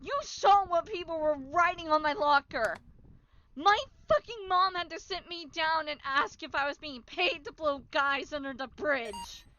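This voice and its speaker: A woman voicing a betrayed teenage boy in a game, furious and foul-mouthed, hurling accusations in a high, bright voice. He talks slowly and leans on every word. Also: lo-fi sound, slight background noise. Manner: swearing, yelling accusations.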